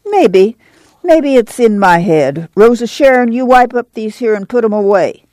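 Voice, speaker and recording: A woman's voice: a little high, expressive, unhurried, mellow, no echo, pitched above the performer's own voice. A woman voicing a steadfast farm mother. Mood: earnest. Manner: homespun, plain-spoken, firm. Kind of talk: dramatic audiobook reading.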